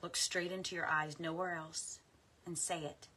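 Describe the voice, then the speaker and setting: A woman guiding a tapping meditation, speaking affirmations slowly and softly with deep sighs between them. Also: little pitch movement, slightly rough. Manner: slow, soft and soothing, with frequent deep sighs. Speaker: guided tapping practice leader.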